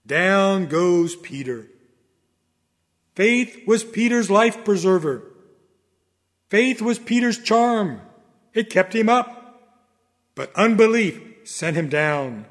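High-voiced preacher in a reverberant hall. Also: male voice, expressive, slow. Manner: dramatic oratory, swings from loud to hushed. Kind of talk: sermon.

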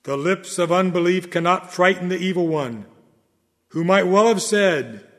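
A high-pitched male preacher delivers a sermon with dramatic oratory. His voice swings from ringing proclamations to hushed low phrases. A long reverb trails each line, as in a large hall. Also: measured pace.

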